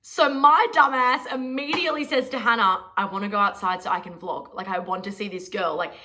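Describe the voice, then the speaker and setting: A woman's voice: medium pitch, fairly quick, bright, forceful tone. A young Australian woman telling a story to camera in a chatty, sweary, self-mocking vlog. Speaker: vlogger.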